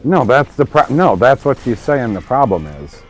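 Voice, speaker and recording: A man's voice: mid-range voice, big pitch swings, normal speed, soft background music. A man in casual livestream banter, reading viewer messages aloud and reacting with amusement. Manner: reads chat messages aloud, bemused. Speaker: co-host guest.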